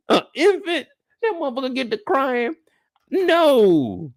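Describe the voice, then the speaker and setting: His voice is very high-pitched and sing-song, and he speaks slowly. The young man is hosting a live after-show discussion, spinning loose, profane, meandering stories. The recording is dry and studio quality.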